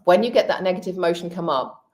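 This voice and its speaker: A woman's voice: fairly low pitch, quick pace, darkish tone. A middle-aged woman, a hypnotherapist and healer, chatting candidly on a live stream and giving practical tips. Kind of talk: casual live-stream chat.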